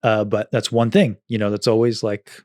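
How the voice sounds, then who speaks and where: A man's voice: lowish voice, level tone, moderate pace, a little mellow, no room sound, studio quality. A man co-hosting a podcast, chatting casually about a film, thoughtful and careful to qualify his points. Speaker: podcast co-host.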